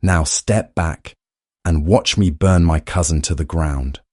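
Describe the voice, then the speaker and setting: A man voicing Dominic, raspy menacing mafia boss. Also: measured pace, a little mellow, no echo, studio quality. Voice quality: raspy commanding baritone. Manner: low and threatening, clipped orders. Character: menacing male mafia boss, commanding and ruthless.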